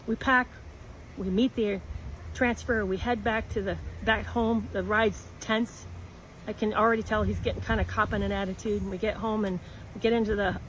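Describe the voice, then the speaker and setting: A woman telling a personal story in an earnest, halting way, with many restarts. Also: medium pitch, steady tone, a little hiss or hum, low-quality recording.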